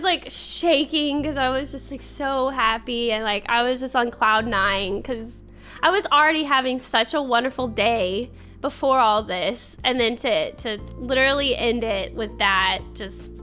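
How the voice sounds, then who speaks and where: Young female streamer, casual chat and giggly storytelling, a bright voice with faint music behind it. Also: fairly high pitch. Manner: reads chat and thanks viewers.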